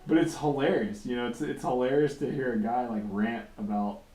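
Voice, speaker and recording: A man of middle pitch talks in a loose, rambling way, casual and profane, laughing at his own stories. His tone is mellow and unhurried. The room is echoey, with faint music playing behind him. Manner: laid-back, rambling, profane, laughs often. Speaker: comic artist livestreaming while drawing. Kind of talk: casual chat.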